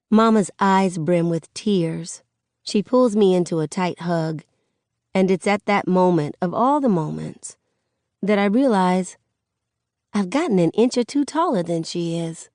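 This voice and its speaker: A woman narrating an audiobook in first person, with steady storytelling. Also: lowish voice, no echo, clean studio sound.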